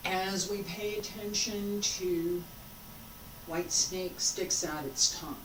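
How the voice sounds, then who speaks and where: Slow, coaxing woman leading a qigong class. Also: medium pitch, fairly even intonation, noisy background. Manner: slow, coaxing, drawn-out phrases with long pauses. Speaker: qigong instructor. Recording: roomy sound from a distant mic.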